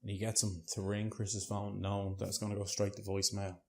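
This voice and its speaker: A man's voice: fairly low pitch, little pitch movement, a little fast, darkish tone. A man telling a prank story casually, rambling and checking in with "right?" and a bit of swearing.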